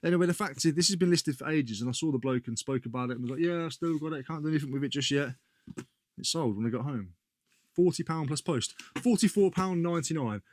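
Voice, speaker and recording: British bloke rambling about stuff he sold, mid-pitch voice, dry close sound. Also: dry recording. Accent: British English. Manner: chatty, slangy, self-correcting as he goes. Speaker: reseller vlogger. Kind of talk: casual chat.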